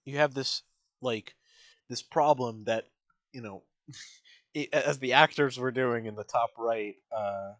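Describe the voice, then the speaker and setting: A man rambles through casual stream commentary, full of fillers, and acts out the characters' lines. His voice sits at an ordinary pitch. The mic sound is close and dry. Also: takes it slowly, long pauses, fairly bright tone, no echo. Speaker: streamer reacting to a musical.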